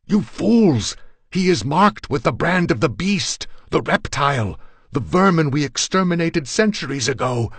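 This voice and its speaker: A man's voice: on the high side, lively intonation, unhurried, slightly rough, no echo, voice pushed up, exaggerated voice. A man voicing a raving man who screams curses at the friends holding him back. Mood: raging. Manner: screaming, ranting. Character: man in a murderous rage, screaming.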